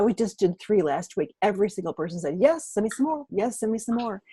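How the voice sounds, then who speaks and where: An older woman giving an enthusiastic training talk at a team meeting, animated and excitable, with sudden jumps in pitch. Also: slightly rough.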